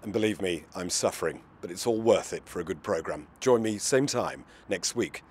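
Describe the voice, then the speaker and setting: An English man hosting a spoof talk show, flustered and repeating himself as he tries to calm his guests. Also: deep voice, moderate pace, slight background noise.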